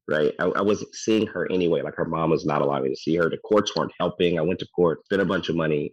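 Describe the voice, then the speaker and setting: A man's voice: deep voice, no room sound. A man talking candidly and with wry humour about being a divorced father, in a casual podcast chat. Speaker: divorced father sharing his story. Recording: slightly dull recording.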